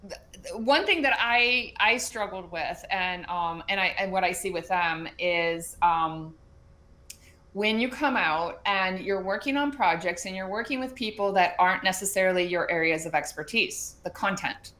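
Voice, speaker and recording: Chatty, animated woman guest. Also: lowish voice, moderate pace. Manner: chatty and animated, with many fillers and restarts. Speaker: interview guest, educator and business mentor. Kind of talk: casual conversational interview.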